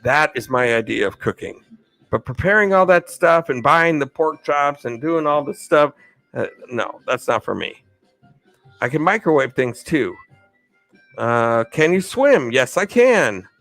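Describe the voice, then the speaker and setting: A man's voice: a little high, expressive, measured pace, a bit bright, no room sound, faint music behind, low-quality recording. A man hosting a live stream, answering chat questions in a chatty way, laughing often and losing his train of thought. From United States. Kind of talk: casual chat.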